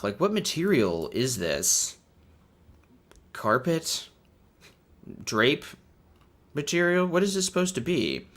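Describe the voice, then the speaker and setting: A young man hosting a comedic commentary video, riffing wryly on book illustrations and swinging from mutters to excited outbursts. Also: on the low side. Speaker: video host.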